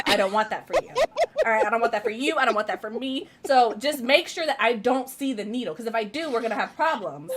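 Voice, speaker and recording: A woman co-hosting a casual writing chat over a video call, playful and animated, laughing often. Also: a little high, quick pace, slight background noise.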